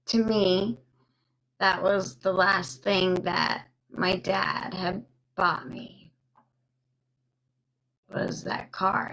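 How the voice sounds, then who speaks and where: A young woman telling a personal story on a live stream, slow and halting with many pauses and fillers, stopping now and then to thank viewers. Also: mid-range voice, gravelly, a bit bright, low-quality recording.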